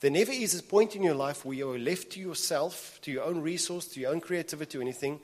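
A man's voice: a little high, quick pace, a little mellow. A man preaching a sermon to a congregation in an earnest way, repeating his phrases for emphasis. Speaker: pastor. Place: church hall. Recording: reverberant church hall.

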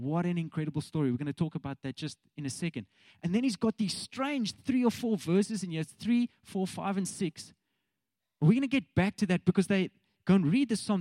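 A man's voice: a little high, dark tone, no echo. A man in his thirties with a South African accent, preaching a casual, chatty sermon straight to the congregation. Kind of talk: conversational sermon.

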